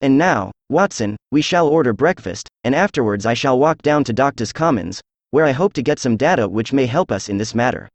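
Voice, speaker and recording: Imperturbable witty detective, read by a synthetic male voice; medium pitch, dry close sound. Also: a little fast, no echo, lightly acted. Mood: calm. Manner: flat synthetic delivery. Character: calm, witty male detective, middle-aged.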